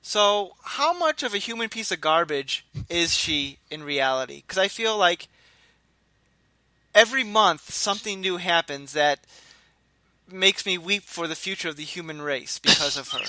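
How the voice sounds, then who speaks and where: A man's voice: high voice, expressive, normal speed, sharp tone, no echo. A man co-hosting a casual podcast chat, blunt and opinionated, laughing easily. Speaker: podcast co-host.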